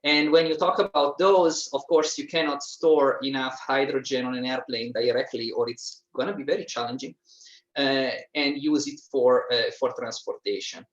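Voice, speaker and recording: A man's voice: medium pitch, fairly even intonation, moderate pace. A male panelist giving a thoughtful, hesitant technical answer at a workshop. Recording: roomy, dull lo-fi recording.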